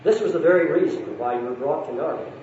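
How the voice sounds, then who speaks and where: A man voicing a great noble male lion who speaks gently and gravely as he reads a storybook aloud. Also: a little high, animated, quick pace, a little hiss or hum, voice pushed up, lightly acted. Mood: gentle solemn. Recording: echoey distant lo-fi recording.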